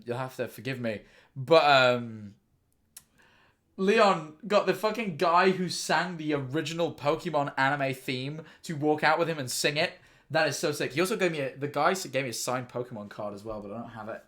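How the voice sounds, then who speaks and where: Bright-voiced excitable young male streamer. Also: mid-range voice, normal speed. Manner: excitable, swearing, rambling with restarts. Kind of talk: casual reaction stream.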